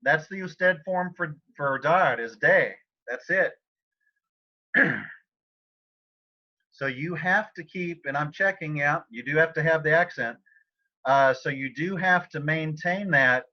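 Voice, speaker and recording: Casual male teacher, throat-clearing, lo-fi audio. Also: a little high, slow, long pauses. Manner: informal, chatty, frequent throat clearing. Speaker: Spanish teacher. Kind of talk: online class lecture.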